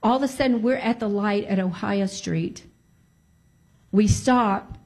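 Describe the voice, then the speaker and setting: A woman telling a personal testimony in a casual, conversational way. She is animated and emphatic, and she repeats key points to stress them. Her storytelling breaks into prayerful exclamations. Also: mid-range voice, unhurried.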